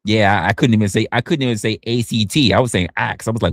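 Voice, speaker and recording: Fast-talking and profane, a man hosts a laid-back livestream, his animated pitch swinging up and down while he keeps stumbling and starting his words over. The recording is dry and studio quality.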